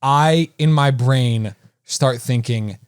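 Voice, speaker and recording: A man's voice: medium pitch, slow pace, clear, resonant tone, no echo, studio quality. A man co-hosting a movie podcast in casual chat, chatty and self-deprecating. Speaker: podcast co-host.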